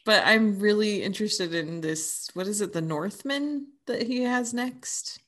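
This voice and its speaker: A woman co-hosting a podcast in casual chat, animated and laughing often. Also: medium pitch, a little slow. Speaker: podcast co-host.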